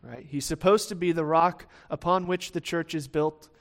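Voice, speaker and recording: A man's voice: on the high side, moderate pace. Man preaching a conversational sermon. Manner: conversational, with frequent restarts and "right?" asides; acts out the quoted lines of the disciples in lively voices.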